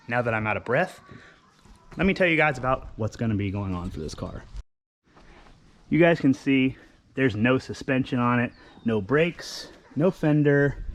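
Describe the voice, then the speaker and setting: With slight background noise behind his mid-range voice, a young Californian car vlogger does a casual walkaround of a wrecked car he intends to rebuild. He's upbeat and enthusiastic, uses his hands as he talks, and leans on fillers such as "um" and "like."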